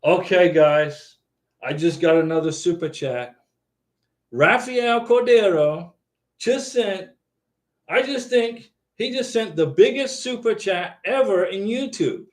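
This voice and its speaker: A man's voice: high voice, expressive, slow pace, reverberant. A man in his sixties hosting an immigration advice live stream, talking in an earnest, folksy way and often tagging his lines with "okay". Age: 60s. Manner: earnest, repetitive, folksy, tags lines with 'okay'. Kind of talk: casual live-stream chat.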